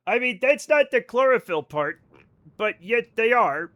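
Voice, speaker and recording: Excitable high-voiced man, swearing freely. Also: unhurried. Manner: excitable, swears a lot, rambling asides. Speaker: livestreamer playing a space game. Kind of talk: casual chat with stream viewers. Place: home at night.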